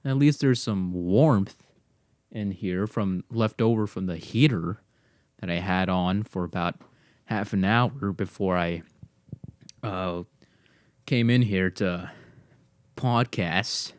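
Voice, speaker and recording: A man's voice: low-pitched, slow pace, long pauses, no echo, clean studio sound. A man hosting his own podcast from his garage, chatting casually in a rambling, self-deprecating way. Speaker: podcast host. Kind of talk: casual solo podcast monologue. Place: home garage. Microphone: desk mic to computer.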